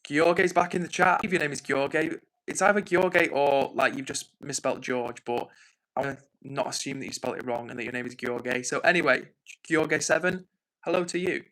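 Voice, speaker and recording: Give me a bright, crisp male voice, a streamer chatting loosely with his viewers and apologising for lagging behind. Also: medium pitch, fairly even intonation, normal speed, low-quality recording. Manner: chatty, rambling, apologetic, thinks out loud. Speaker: livestream host. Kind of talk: casual live-stream chat, reading out viewer comments. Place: home in the north of England.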